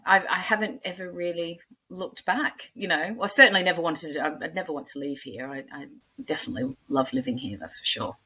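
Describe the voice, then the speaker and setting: Husky low-voiced Australian woman. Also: bright, forceful tone. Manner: chatty, rambling storyteller. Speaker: guest, blues singer. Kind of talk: casual interview chat.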